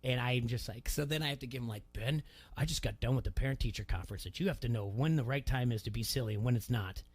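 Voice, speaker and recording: A middle-aged man hosting a casual sports radio talk show, telling a story and getting animated when he quotes people. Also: medium pitch, fast, slightly rough. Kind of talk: casual chat.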